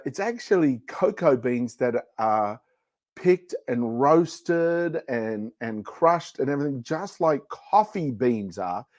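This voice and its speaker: A man's voice: medium pitch, no echo, clean studio sound. A man hosting a casual livestream product show, chatting playfully and joking between demos. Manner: playful, jokey, rambling. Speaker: livestream shopping host. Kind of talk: casual product demo chat.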